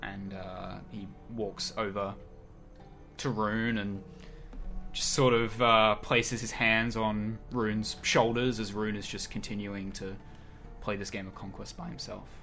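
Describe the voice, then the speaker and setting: A man narrates as game master, describing scenes in loose, chatty sentences. His voice is lowish but bright. He speaks into a call mic, with faint music in the background. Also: level tone, a little slow.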